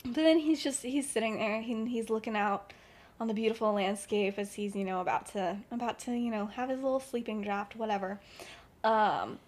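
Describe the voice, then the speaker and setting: Young female podcaster, slightly high voice, loose and chatty storyteller. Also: moderate pace, darkish tone. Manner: chatty, full of "like" and "um", laughs often. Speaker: podcast co-host. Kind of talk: casual fan-fiction storytelling.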